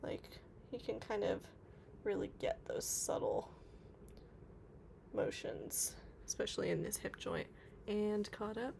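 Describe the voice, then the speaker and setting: A woman's voice: medium pitch, very animated, slow pace, creaky, long pauses, a little mellow, a little hiss or hum. A woman streaming live, chatting casually and reading out viewer comments, with lots of filler words. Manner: chatty, reads chat aloud, many fillers. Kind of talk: casual livestream chat.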